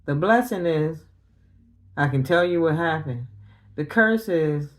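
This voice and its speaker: A middle-aged woman speaks to her livestream in a slightly low voice, grieving and openly confronting her family. Her talk is casual, raw and emotional, shifting between accusation and sorrow. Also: lively intonation, measured pace. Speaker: tarot reader livestreaming.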